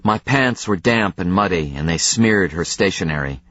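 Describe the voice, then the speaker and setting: Husky male audiobook narrator. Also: low voice, lively intonation, moderate pace, fairly bright tone, dry recording, highs cut off. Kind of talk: first-person audiobook narration.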